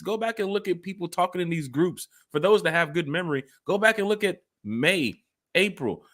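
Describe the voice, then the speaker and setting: A man with a drawl hosts a fan podcast, his pitch swinging high and low as he rambles on. His voice is a bit higher than most men's and comes out bright and forceful, and he keeps turning to his co-host. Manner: animated, rambling, talks straight to his co-host. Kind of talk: casual sports fan chat.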